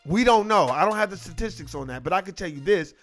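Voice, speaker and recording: Ranting unscripted on camera with soft music below, an online commentator speaks quickly in a high voice with lively intonation. He's emphatic and profane, casual in tone, and keeps repeating himself to hammer his points.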